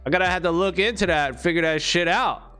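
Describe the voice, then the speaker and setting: A man's voice: sits high, fast talker, bright, forceful tone, clear, resonant tone, faint music behind. A man talking to his channel in a rambling, profane monologue full of rhetorical questions. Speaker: crypto vlogger.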